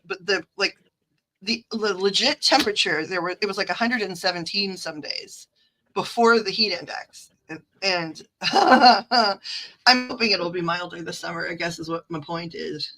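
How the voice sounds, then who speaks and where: Her voice is fairly low and sharp, at a normal pace, with poor audio from a phone mic. This Midwestern-accented card reader chats and digresses on her livestream while reading the chat aloud.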